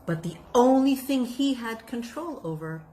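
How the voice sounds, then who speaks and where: A woman telling a folk tale in an expressive, reflective way, then drawing out its lesson. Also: a little high, unhurried. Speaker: storyteller. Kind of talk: folk tale storytelling with a moral.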